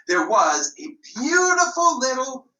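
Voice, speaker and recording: A woman puppeteer narrating a children's story in a slow, expressive, sing-song way. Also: high voice. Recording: roomy, mic at a distance.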